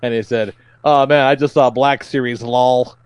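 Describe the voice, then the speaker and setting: A man's voice: medium pitch, normal speed, very noisy. A man co-hosting a comedy podcast, telling stories casually with lots of swearing and acted-out quotes. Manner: profane, animated storytelling, acts out quotes. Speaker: podcast co-host.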